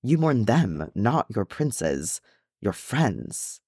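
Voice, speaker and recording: A man's voice: medium pitch, sing-song, drawn-out words, darkish tone, slightly rough, dry recording, clean studio sound, full character voice. A man voicing a bitter, grieving old dwarf woman in a storybook reading, speaking coldly and curtly. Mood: faint.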